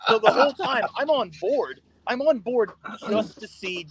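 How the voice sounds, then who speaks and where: A man, a guest on a podcast, tells a story in a casual, animated way, laughing often and swearing freely. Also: very high-pitched, normal speed, a little hiss or hum. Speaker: podcast guest, pro wrestler. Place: podcast studio.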